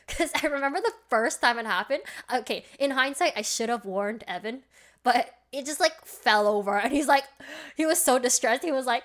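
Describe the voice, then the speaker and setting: A woman's voice: sits high, animated, brisk, a bit bright. Bubbly, chatty woman streamer. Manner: bubbly and chatty, laughs often, reacts to chat. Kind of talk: casual livestream chat.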